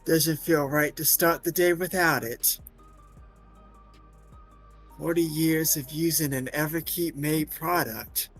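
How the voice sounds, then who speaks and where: A chatty, folksy old city codger, as a man puts him on in a game voice pitched a bit higher, who says "me" for "my" and rambles fondly. The faint music underneath stays in the back. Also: steady tone, slow pace, pauses often, fairly bright tone. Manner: drops into folksy slang, "me" for "my". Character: chatty elderly working-class city man.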